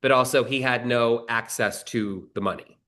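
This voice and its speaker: With a sharp yet steady tone, this medium-pitched male voice keeps a moderate pace. He's a screenwriter rambling through a long conversational anecdote, restarting often and swearing at times.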